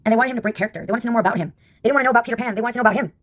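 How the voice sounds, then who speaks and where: A woman's voice: fairly high pitch, racing. A woman in her fifties telling stories in a casual monologue, wry and sarcastic, laughing at her own anecdotes. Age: 50s. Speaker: vlogger.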